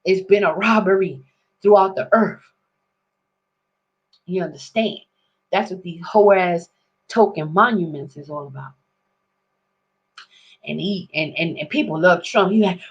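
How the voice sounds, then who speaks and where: A woman's voice: lowish voice, takes it slowly, pauses often, husky, lo-fi sound. A woman ranting to her viewers in a casual, profane vlog, rambling in street slang and constantly asking if they understand. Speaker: vlogger.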